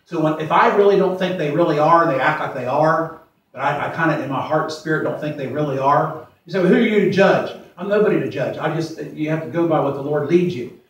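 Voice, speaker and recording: A man's voice: on the high side, far from the mic. Man preaching in an echoey church. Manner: plain-spoken, repeats himself, slows to stress verses. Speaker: pastor. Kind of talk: sermon. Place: church sanctuary.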